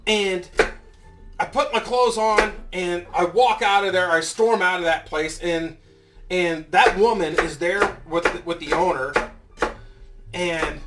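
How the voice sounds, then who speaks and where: A man's voice: sits high, takes it slowly, long pauses, distant mic, music in the background. A man in his fifties telling a story as a vlogger, ranting heatedly and swearing a lot. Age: 50s. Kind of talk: casual storytelling.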